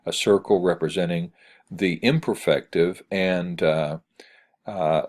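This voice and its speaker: In a recorded screencast lecture, a man with a low voice teaches Greek grammar. He reads the examples aloud haltingly, with lots of "uh" fillers.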